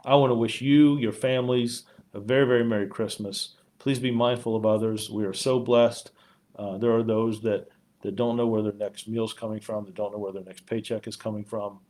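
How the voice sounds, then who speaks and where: Emotional police chief on a live stream. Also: male voice, on the low side, fairly even intonation, fairly quick, a little mellow. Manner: heartfelt, rambling, frequent fillers. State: choked up with emotion. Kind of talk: live-streamed community chat.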